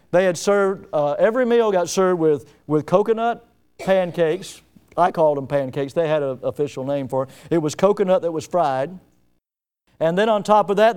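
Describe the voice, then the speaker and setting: A man preaching a sermon as pastor, telling stories and acting out scenes with lively emphasis. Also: sits high, clean tone. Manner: storytelling preacher, animated, acts out scenes.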